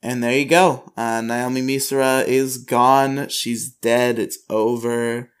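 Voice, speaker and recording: A man's voice: mid-range voice, little pitch movement, slow, smooth. A man co-hosting a podcast, casually recapping an anime episode, acting out lines in a raised voice and laughing often. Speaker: podcast co-host.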